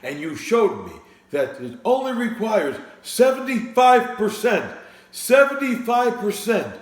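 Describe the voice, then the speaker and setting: A flustered old man , done by a man shouts his complaints in a high, strained voice, stretching out words as his exasperation builds. The sound comes from an echoey home studio. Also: very animated, measured pace. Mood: exasperated.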